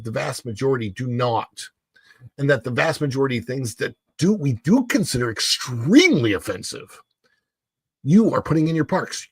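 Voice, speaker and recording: A man's voice: mid-range voice, creaky, husky, no room sound. A man hosting a solo livestream, giving emphatic, opinionated commentary with frequent halts and restarts. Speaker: host.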